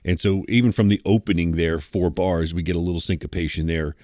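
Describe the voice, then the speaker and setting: Low-voiced man teaching music theory. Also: steady tone, a little fast, warm tone, no echo, studio quality. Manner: scats rhythms aloud between explanations. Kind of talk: online lesson.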